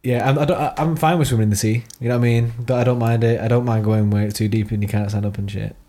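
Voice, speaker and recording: A man's voice: medium pitch, fairly even intonation, warm tone. Jokey young man. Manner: jokey, quick reactions, laughs along. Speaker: podcast co-host. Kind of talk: casual chat.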